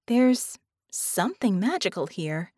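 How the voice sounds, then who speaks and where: A woman reader voicing a sharp, quick-talking young woman mage with excited questions. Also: mid-range voice, no room sound, clean studio sound. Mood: musing.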